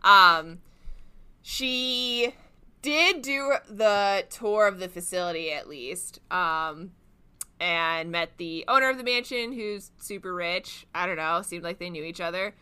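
A woman's voice: on the low side, takes it slowly, bright, forceful tone, smooth. A woman co-hosting a casual chat about a video game, talking at length with many fillers. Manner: chatty, filler-heavy, explains at length. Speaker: podcast co-host.

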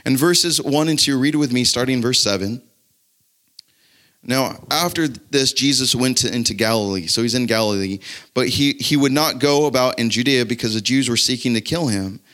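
A man's voice: medium pitch, moderate pace, a bit bright. Man preaching conversationally. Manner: conversational preaching, reads scripture aloud. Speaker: pastor. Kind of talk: sermon.

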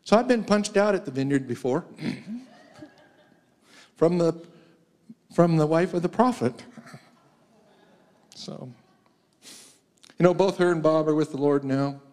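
A man's voice: fairly high pitch, animated, slow pace, pauses often, a little mellow. A man preaching as a guest speaker, telling personal stories with frequent laughs. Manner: storytelling, laughs often, acts out quoted voices. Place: church sanctuary.

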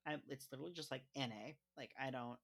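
A man chats about picture books in a loose, conversational podcast style, with plenty of fillers and restarts. His voice has a gravelly fry and a bright, forward timbre. He slips into reading short passages aloud now and then. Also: mid-range voice, quick pace. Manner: chatty, filler-heavy, reads aloud from a picture book. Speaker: podcast co-host reviewing children's books. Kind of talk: casual conversational book review.

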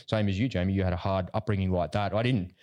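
A man's voice: sits low, fairly even intonation, quick pace, a little mellow. A middle-aged man in a casual podcast chat, telling personal stories in a conversational way. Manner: storytelling, conversational.

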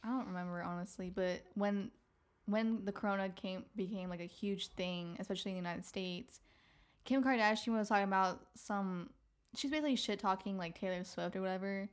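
A woman's voice: medium pitch, brisk, clear, resonant tone. A young woman in casual chat, hesitant and filler-heavy. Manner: chatty, hesitant, lots of "like".

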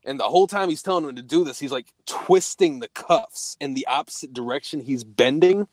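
A young man telling a story in casual podcast chat, profane and animated, acting out the quoted dialogue. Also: fairly high pitch, brisk, no room sound.

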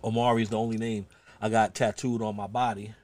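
A man hosting a casual podcast, telling animated stories with stammering restarts. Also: lowish voice, fast, no room sound. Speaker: podcast host.

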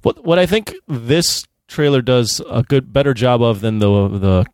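A man's voice: medium pitch, expressive, normal speed, a little mellow, no echo, studio quality. Chatty, teasing male co-host. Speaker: podcast co-host. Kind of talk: casual chat.

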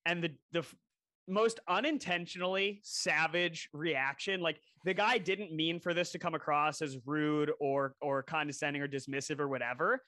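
Animated young man telling stories. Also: normal speed, no room sound, studio quality. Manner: animated storyteller, mimics voices with big pitch jumps. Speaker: podcast co-host. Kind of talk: casual chat.

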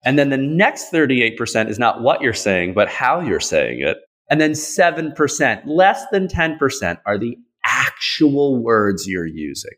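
A man's voice: mid-range voice, big pitch swings, unhurried, fairly bright tone. A man, a podcast guest, explaining ideas in a casual, playful, slangy way. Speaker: podcast guest, trauma practitioner.

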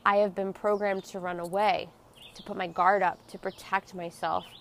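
A woman hosting her own podcast, speaking in an earnest, confessional and emotionally open way, dropping soft and close at tender moments. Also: mid-range voice, flat delivery, normal speed, creaky, slight background noise. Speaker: podcast host. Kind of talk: personal reflective monologue.

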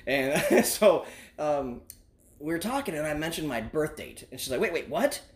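A man's voice: a little high, lively intonation, moderate pace. A man in his forties telling a long personal story in casual, profane chat, rambling, laughing often and acting out the voices of the people in it.

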